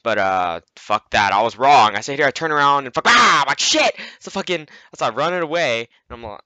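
Sweary, bright-voiced man narrating gameplay. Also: medium pitch, a little fast, clean tone, no room sound. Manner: rambling, heavy swearing. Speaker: gameplay commentator. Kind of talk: casual narration over gameplay footage.

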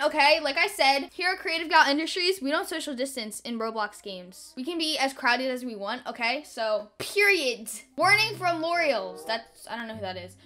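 A young woman with a high, ringing voice, commenting on her gameplay in a playful, joking way. She jumps into excited exclamations between chatty asides, and her tone stays bright and sharp. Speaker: gaming channel host.

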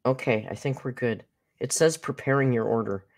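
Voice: medium pitch, moderate pace. Chatty live streamer talking to chat. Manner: chatty, talks straight to the chat, narrates own actions aloud.

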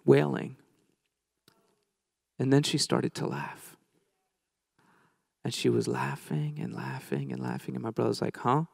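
A man's voice: medium pitch, very animated, measured pace, gravelly, long pauses, darkish tone, breathy edge, no room sound, clean studio sound. A man preaching a sermon in a conversational, joking way, telling a story and acting out the people in it. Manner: conversational, joking, acts out quoted voices.

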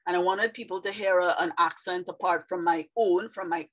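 A woman from Trinidad and Tobago speaks with a light Trinidadian accent, talking directly to her viewers in a casual, earnest way. Her voice sits a little on the low side, and her delivery stays chatty and heartfelt. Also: fairly even intonation, brisk, low-quality recording. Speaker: video creator.

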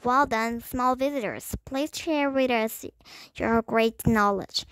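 A woman's voice: on the high side, slow, fairly bright tone, clean tone, no room sound. A woman voicing an arrogant, rude young prince in a storybook, speaking in a haughty, mocking way.

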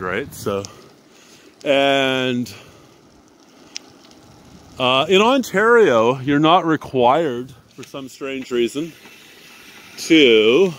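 A slightly high-voiced man pedals through winter traffic and vents to his viewers in a loose, profane ramble, a little out of breath. He records it on a handheld phone. A faint hiss of wind and traffic runs under his voice. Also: a bit bright. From Canada. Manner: ranting, profane, talking to viewers while cycling. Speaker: vlogger. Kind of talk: casual ride-along vlog. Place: outdoors on a bicycle in winter traffic.

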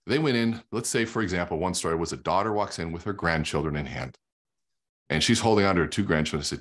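A man's voice: low-pitched, animated, quick pace. A middle-aged man, a guest sales coach, explaining research with emphatic storytelling and quoted dialogue. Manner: teaching while drawing on a whiteboard. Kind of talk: energetic explanatory talk.

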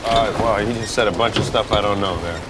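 A man's voice: steady tone, fast, natural voice. An actor in his thirties playing a dim, goofy young man learning to sail, jokey and easily confused. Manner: jokey and easily confused, pitching up when indignant. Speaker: sitcom character. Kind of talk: sitcom acting. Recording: noisy TV soundtrack with studio laughter.

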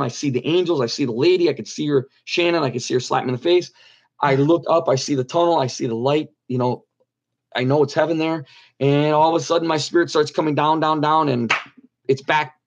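A man's voice: a little high, highs cut off. A middle-aged man earnestly telling a personal story as an interview guest, repeating phrases for emphasis. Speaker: guest telling his near-death story.

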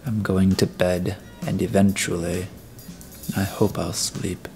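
A man's voice: deep voice, level tone, creaky, a little mellow, faint music behind, full character voice. A man as a stern, weary detective. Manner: level, terse, deliberate. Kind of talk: audiobook character voice.

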